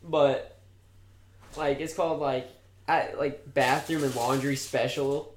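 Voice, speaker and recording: A man's voice: mid-range voice, steady tone, takes it slowly. A young man co-hosting a podcast, telling rambling, profane stories and laughing at them. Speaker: podcast co-host. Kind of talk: casual chat, storytelling. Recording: roomy echo.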